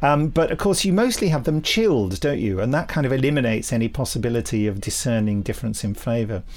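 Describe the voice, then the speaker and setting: A man's voice: mid-range voice, animated, fast, a little mellow. Chatty man, co-host. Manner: chatty, rambling, laughs often. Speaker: podcast co-host. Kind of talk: casual chat.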